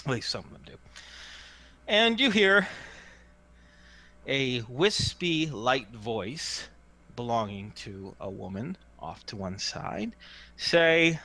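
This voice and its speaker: A man runs a tabletop game, narrating dramatically. His bright voice swoops up and down, and he takes his time. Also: mid-range voice, very animated, slow, long pauses. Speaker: game master.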